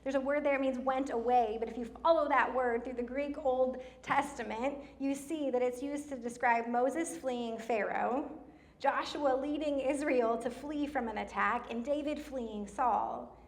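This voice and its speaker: A middle-aged woman preaching a sermon in church, telling stories in an animated way, slowing down for emphasis. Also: high-pitched. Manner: animated storytelling with laughs and slowed emphasis. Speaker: pastor.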